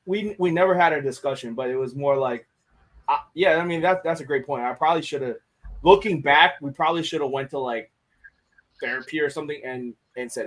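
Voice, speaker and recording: A man with a slightly high voice talks fairly quickly in a relaxed podcast conversation. He's frank and profane, constantly restarting what he says.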